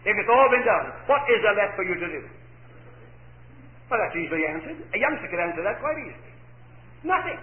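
A man's voice: high-pitched, lively intonation, fast talker, long pauses. A man preaching a sermon with emphasis, posing rhetorical questions and answering them himself. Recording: echoey, phone-like lo-fi recording.

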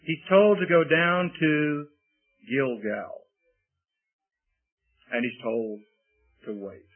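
A man's voice: a little high, lively intonation, extremely slow, faint music behind. A man preaching a sermon, reading scripture passages aloud and then explaining them to the listeners. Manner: reads scripture aloud in old-fashioned wording, then explains it. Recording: husky voice over a tinny phone-like line.

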